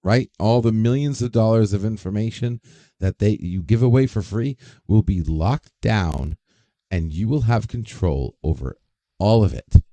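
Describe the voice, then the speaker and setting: A man's voice: fairly low pitch, lively intonation, unhurried, warm tone, dry recording. A man hosting a casual livestream, rambling, swearing freely and greeting chat viewers by name. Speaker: livestream host.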